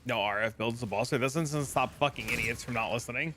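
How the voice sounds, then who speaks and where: A man streaming a game, chatting casually with viewers, profane and animated when telling a story. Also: medium pitch, a little fast, background noise. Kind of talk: casual chat.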